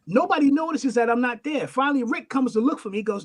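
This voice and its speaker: Middle-aged man, guest musician, high voice, animated, swears a lot. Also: fast. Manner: animated, profane, acts out the voices in his stories. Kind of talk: storytelling in a casual chat.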